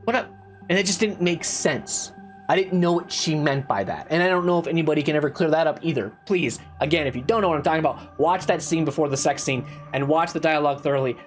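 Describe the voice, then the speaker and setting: A man's voice: on the high side, fast, soft background music. Rambling, exasperated male game reviewer. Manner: rambling, repetitive, with restarts and swearing; exasperated, rising into loud complaint. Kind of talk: casual spoken review.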